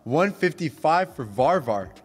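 A man hosting a casual auction game, announcing each bid in a steady auctioneer cadence. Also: fairly high pitch, unhurried, slightly rough, big-room sound. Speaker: auctioneer host. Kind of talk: casual group chat.

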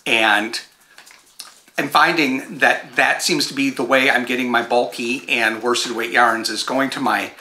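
A man's voice: medium pitch, fairly even intonation, a little slow, sharp tone, roomy sound. A man hosting a home knitting show, chatting casually and digressively to the camera and breaking off to talk to his dogs.

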